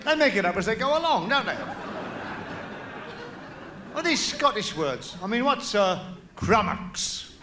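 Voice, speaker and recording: A male stand-up comedian on a theatre stage with a zany, playful delivery. His voice sits high and swoops about freely as he works through his act. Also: very animated, unhurried, pauses often, background noise. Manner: zany, jumps between silly voices.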